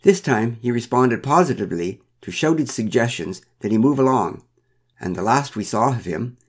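A man's voice: medium pitch, lively intonation, normal speed, husky. A man reading a first-person story aloud with a wry, dryly humorous manner. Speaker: narrator.

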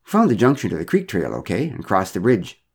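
Wry man, low and lively. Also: fast talker, husky. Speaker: storyteller. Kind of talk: first-person storytelling.

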